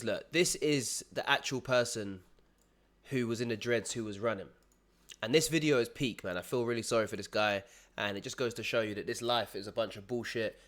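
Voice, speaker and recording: A young man runs through online clips in a relaxed commentary voice. His street slang is thick, and he ends nearly every line with bro. His pitch sits in an ordinary middle range. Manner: slangy, says bro after almost every sentence. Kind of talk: casual reaction commentary.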